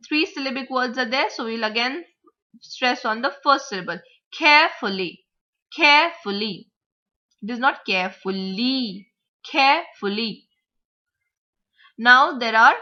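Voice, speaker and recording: A woman teacher explaining vocabulary, word stress and grammar, repeating example words slowly to model the stress. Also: fairly high pitch, sharp tone. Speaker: English teacher. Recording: dull lo-fi recording.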